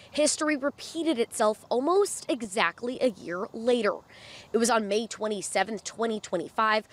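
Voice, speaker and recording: Woman reporter in measured news narration. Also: on the high side. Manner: measured, formal delivery. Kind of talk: scripted news narration and interview questions.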